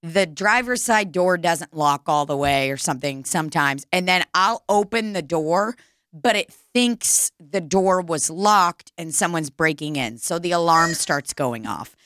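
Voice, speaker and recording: Young woman ranting about her night, bright punchy voice, dry close sound, lots of cussing. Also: fairly low pitch, unhurried, dry recording. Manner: animated, swearing, laughing through stories. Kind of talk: casual storytelling chat.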